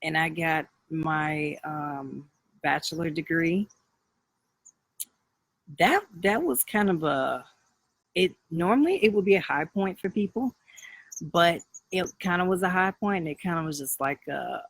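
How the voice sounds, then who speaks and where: A man's voice: on the high side, lively intonation, measured pace, gravelly, fairly bright tone, dry recording, poor audio. A man around thirty talking candidly on a live video, rambling through a personal story with many fillers and restarts. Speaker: livestream host.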